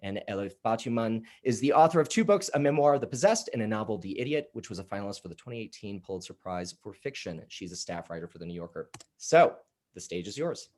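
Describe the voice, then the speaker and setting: A man's voice: lowish voice, expressive, quick pace, darkish tone. A man hosting a bookstore event online, running through routine announcements with some ums. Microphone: video call.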